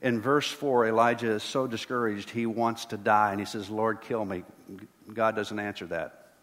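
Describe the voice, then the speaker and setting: A man's voice: lowish voice, fairly even intonation, moderate pace, fairly bright tone. A middle-aged man preaching a sermon as pastor, earnest and building to emphatic repeated lines. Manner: earnest, rising to emphatic repetition. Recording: long hall reverb.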